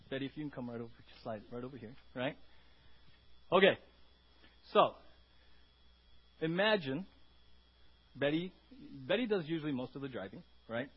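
Husky high-voiced pastor preaching. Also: male voice, moderate pace, pauses often, dull audio. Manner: animated, calls out "Amen?" and "right?" to the congregation; acts out quoted voices with sudden loud, high outbursts. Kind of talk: sermon. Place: church hall before a congregation.

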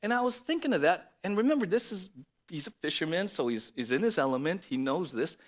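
A man preaching a sermon in an animated, conversational way, often asking rhetorical questions. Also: on the high side, a little fast. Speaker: pastor.

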